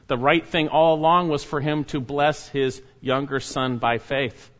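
A man with a fairly high voice preaches a verse-by-verse sermon, reading scripture and then pressing his point home with loud, emphatic exhortation. The recording is muffled and lo-fi. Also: fairly even intonation, measured pace. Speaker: pastor. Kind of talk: expository sermon.

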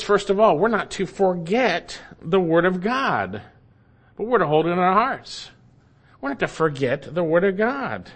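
A man preaching a sermon, reading scripture slowly and repeating key phrases for emphasis. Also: fairly high pitch, a bit bright.

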